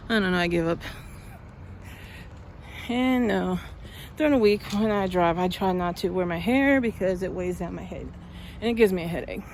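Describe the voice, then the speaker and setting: A woman's voice: medium pitch, a little mellow, a little hiss or hum. A woman chatting and telling a story while out walking, a little out of breath, growing heated as she talks. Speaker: vlogger. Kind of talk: casual walking vlog. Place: outdoors, walking.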